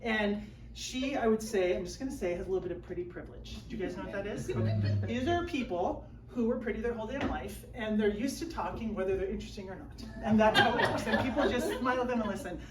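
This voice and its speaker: A woman with a mid-range voice performs a quick, self-mocking stand-up set at a small live comedy show, acting out her own whiny inner voice over loud music. The live room is roomy, the mic a bit distant, with faint background noise and audience laughter.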